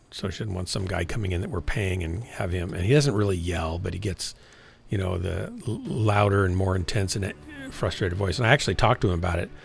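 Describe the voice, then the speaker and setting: A man's voice: low voice, creaky. A man in his sixties streaming from home, chatting in a frank, rambling way that often corrects itself and trails off. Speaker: game streamer. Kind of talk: casual rambling chat while streaming.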